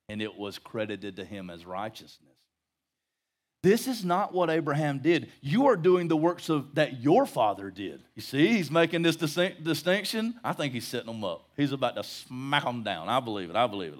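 A man's voice: mid-range voice, animated, moderate pace. A middle-aged male pastor teaching verse by verse in a conversational sermon, with jokes and rhetorical questions to the congregation. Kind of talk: expository Bible-study sermon.

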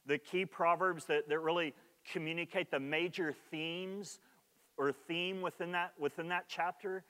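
A man preaching a sermon in a conversational way, often restarting his sentences and growing more animated as he goes. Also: fairly high pitch, unhurried, in a large hall. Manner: conversational preaching with many restarts and "like", rising in energy. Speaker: pastor.

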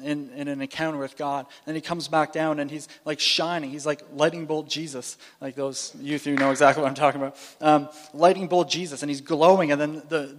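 Male preacher, sermon, somewhat high voice, animated with restarts, long hall reverb. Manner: animated, restarts and repeats phrases, playful asides.

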